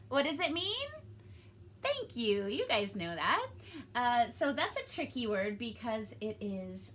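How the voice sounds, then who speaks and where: A woman's voice: medium pitch, slight background noise. A young adult woman teaching a recorded reading lesson to young pupils, upbeat and encouraging. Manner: upbeat, encouraging, sing-song with excited peaks. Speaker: elementary school teacher.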